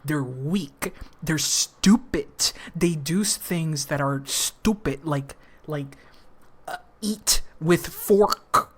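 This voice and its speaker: A grumpy young troll man as a woman puts him on, sulky and blunt as he runs down humans in a low, slow, grudging voice. He sounds close to the teller's own low tone. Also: breathy edge, heavily acted. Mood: scornful.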